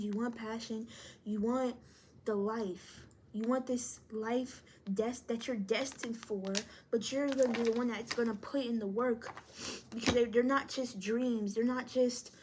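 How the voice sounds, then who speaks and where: A woman's voice: fairly high pitch, a little mellow, a little hiss or hum. A woman reading tarot to camera, encouraging and speaking straight to the viewer, thinking aloud as she pulls cards. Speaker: tarot reader.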